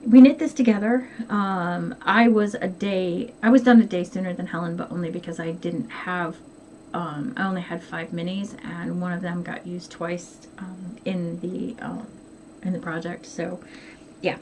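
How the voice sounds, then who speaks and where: A middle-aged woman hosting a knitting podcast, talking quickly and casually with plenty of ums. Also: on the low side, flat delivery, darkish tone. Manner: chatty, quick and rambling with many ums. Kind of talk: casual chat to camera. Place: at home. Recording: noisy home recording.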